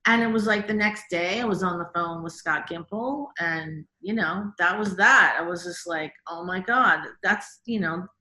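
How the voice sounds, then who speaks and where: Woman, bright voice, animated storytelling, echoey room. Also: fairly low pitch. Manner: animated, quick, many "like"s and quoted reactions. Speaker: guest, TV director. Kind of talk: casual interview storytelling.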